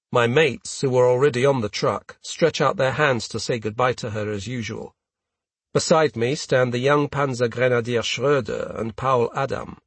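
A man reading a first-person story aloud in a measured, steady way. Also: medium pitch, slightly rough, dry recording. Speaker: audiobook narrator. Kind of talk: scripted first-person narration.

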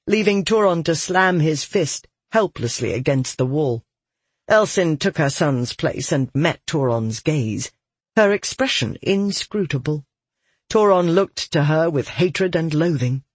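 A man reading a fantasy novel in a measured, steady way, as an audiobook narrator on a close mic. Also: fairly high pitch, slightly rough, no echo.

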